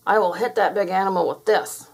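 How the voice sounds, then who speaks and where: A woman's voice: medium pitch, brisk, gravelly, slightly rough, poor audio. A woman voicing an anxious male toad in a children's storybook, asking worried questions. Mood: determined.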